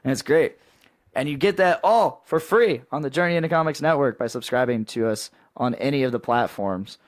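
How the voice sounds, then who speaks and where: A young man hosting a podcast in casual chat, pitching with excitable hype and laughing often. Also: brisk, no echo, clean studio sound. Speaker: podcast host.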